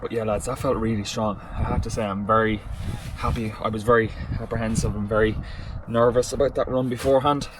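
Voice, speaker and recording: An Irish man vlogs on the go, first from a car and then outdoors in a park. He chats casually and excitably, swears freely and keeps calling his viewers lads, and his delivery stays fairly level. Loud noise from cars and traffic runs under his voice throughout. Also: lowish voice, brisk, few pauses. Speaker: running vlogger. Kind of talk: casual vlog chat to camera.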